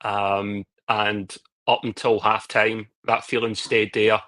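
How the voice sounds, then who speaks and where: A man's voice: on the low side, flat delivery, slow pace, a bit bright, no room sound. A Scottish man with a Scottish accent, co-hosting a football podcast in a blunt, joking way with Scots slang. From Scotland. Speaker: podcast co-host. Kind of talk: casual football podcast chat.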